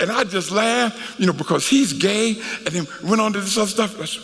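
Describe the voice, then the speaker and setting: A middle-aged man tells a story from the pulpit in a folksy, conversational way, throwing asides to the congregation. His voice sits high and swings widely, with a gravelly edge, and it rings out through a large reverberant worship hall. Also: brisk. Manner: animated, folksy, conversational preaching with asides to the crowd. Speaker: guest preacher. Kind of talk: storytelling sermon.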